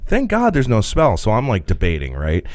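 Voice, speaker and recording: A man's voice: lowish voice, huge pitch swings, normal speed, darkish tone, no echo, clean studio sound. A man co-hosting a podcast, telling a work story in a casual, profane way and laughing along. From rural Midwest US. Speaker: podcast co-host.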